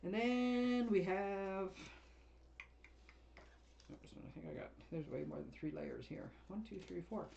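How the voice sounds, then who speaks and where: A woman's voice: medium pitch, a little slow, gravelly, pauses often, mellow, lo-fi sound, a little hiss or hum. A woman craft demonstrator chatting casually as she unboxes and sorts a paper craft kit, rambling and often laughing.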